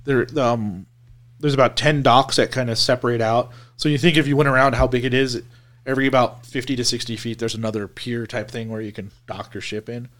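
Male game master, mid-pitch, casual explaining narrator. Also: steady tone, a little fast, fairly bright tone. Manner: explains scenes with fillers and restarts.

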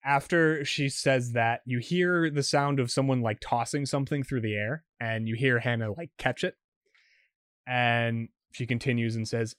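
A man's voice: medium pitch, fairly even intonation, moderate pace, a bit bright, dry recording, studio quality. A man narrating as game master for a tabletop game, rambling with many fillers and restarts.

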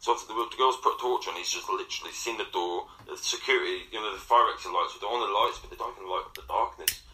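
Fast, low-voiced Midlands man telling a story. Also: rough recording. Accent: English Midlands. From England. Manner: animated, acts out voices and swears. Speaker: interviewee. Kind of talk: casual storytelling.

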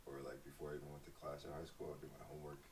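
A young man, a podcast guest, chatting casually and profanely, often quietly. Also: very deep voice, monotone, very fast, recorded from a distance, slight background noise, poor audio. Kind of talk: casual chat.

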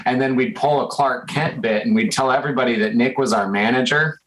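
Young man, casual chat, swearing storyteller, animated, mid-pitched voice. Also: brisk, rough recording. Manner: profane, animated storyteller who acts out quotes.

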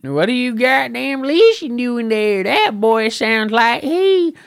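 A man putting on a shrill cranky country grandma. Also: lively intonation, measured pace, gravelly, no room sound, clean studio sound, exaggerated voice. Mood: scolding. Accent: American country. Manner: shrill, scolding, swearing.

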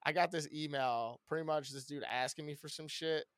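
Man, podcast co-host, slightly high voice, loud and rambunctious, swears a lot, dry close sound. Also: steady tone, brisk, dry recording. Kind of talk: casual podcast chat.

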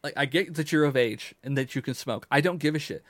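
A man's voice: a little high, fairly quick, dry recording. Blunt, swearing podcast guy, dry sound. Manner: blunt, profane, repeats himself. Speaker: podcast co-host. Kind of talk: casual chat.

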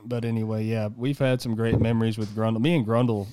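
Mellow, laid-back man. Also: on the low side, fast, clean tone, dry recording. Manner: laid-back, insists he is calm. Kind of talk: casual chat among friends.

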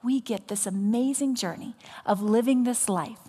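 A woman pastor preaching a sermon, telling a story with animation and dropping into soft, whispered appeals. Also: fairly high pitch, normal speed, hardly any pauses, husky, big-room sound. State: recovering from voice loss.

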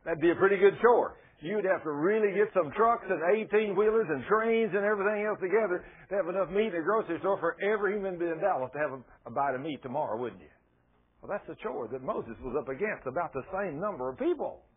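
A man preaching a sermon, telling Bible stories in a folksy, animated way. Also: high voice, fast. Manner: folksy, animated storytelling with laughs. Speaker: pastor. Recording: tinny phone-like sound.

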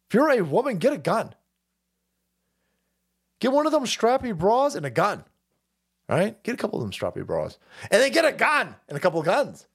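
A man hosting a livestream, ranting in a profane, rambling, sarcastic way and laughing often. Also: on the high side. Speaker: stream host. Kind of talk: ranting commentary.

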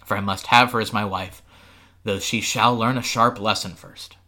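A cold, arrogant young prince speaks slowly and placidly, as a man reading aloud gives him voice. His tone sits low and bright-edged, with a quiet menace. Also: steady tone. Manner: cool, placid, slow and quiet.

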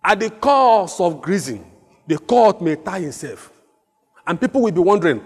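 A male pastor preaching a sermon, asking repeated rhetorical questions and climbing to shouts as he tells a story. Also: sits high, big pitch swings, normal speed, slightly rough. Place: church hall. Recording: long hall reverb with faint music.

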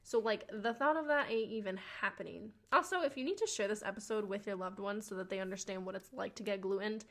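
A young adult woman hosting a podcast, telling a personal story in a chatty, slangy, animated way and swearing now and then. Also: a little fast, hardly any pauses. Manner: chatty and animated, slangy, swears, acts out quotes with big pitch jumps. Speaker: podcast host. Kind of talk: casual storytelling monologue.

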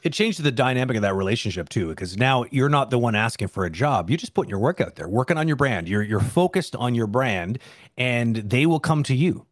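A man talks fast and emphatically into a close, dry mic, co-hosting a casual advice show. He keeps asking rhetorical questions as he encourages listeners. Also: mid-range voice, expressive, no echo. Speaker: co-host of an animation Q&A show.

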